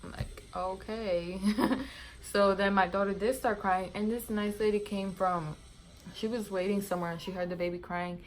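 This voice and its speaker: Chatty young mom, laughing and rambling. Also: female voice, mid-range voice, steady tone, normal speed, low-quality recording. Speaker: mom vlogger. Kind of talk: casual chat to camera.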